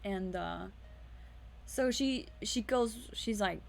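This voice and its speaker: Rambling gravelly woman streamer. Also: mid-range voice, slow pace, a little hiss or hum. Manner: rambling, frequent restarts and swearing. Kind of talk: casual story recap.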